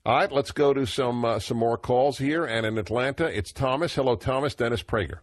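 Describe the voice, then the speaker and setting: A man's voice: mid-range voice, fairly quick, no echo. A man, hosting a call-in radio talk show, expansive and opinionated, chuckling now and then.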